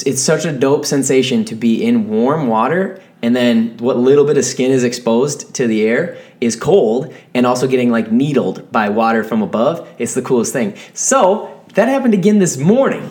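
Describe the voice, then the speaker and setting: A young man co-hosting a podcast, telling animated stories in casual chat and swearing freely. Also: medium pitch, normal speed, few pauses. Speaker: podcast co-host.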